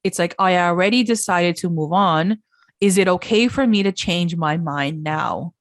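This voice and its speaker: A woman's voice: lowish voice, moderate pace, dry recording, clean studio sound. Chatty woman retelling reality TV scenes. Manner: retells scenes with lots of "like" and "she's like". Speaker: podcast co-host. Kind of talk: casual reality TV recap chat.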